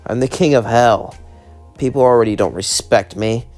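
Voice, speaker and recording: A man voicing a brooding, weary male king of hell who speaks low and withdrawn. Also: normal speed, a little mellow, soft background music, close to an everyday voice.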